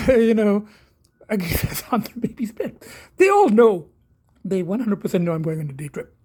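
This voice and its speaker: Husky-voiced man rambling to camera. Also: high voice. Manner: rambling, hesitant, many fillers; coos softly to his cats. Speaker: vlogger. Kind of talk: casual video diary. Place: home bedroom.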